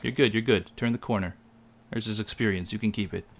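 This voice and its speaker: A man chatting casually while playing a game with a friend, excitable and quick to yelp when startled. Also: slight background noise. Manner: excitable, jumps high in pitch when startled. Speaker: gamer. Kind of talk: casual gaming commentary.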